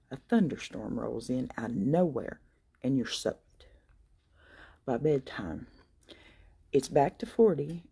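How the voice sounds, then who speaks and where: Slow, folksy woman storyteller. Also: sits low, creaky, mellow, slightly rough. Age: middle-aged. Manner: folksy, drawling, wry. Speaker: comedic storyteller. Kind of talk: comic storytelling monologue.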